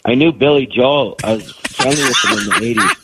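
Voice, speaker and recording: A man's voice: medium pitch, brisk, heavy background noise. A middle-aged man with a cold and a phlegmy voice, a comedian guest rambling self-deprecatingly through a long story in casual chat.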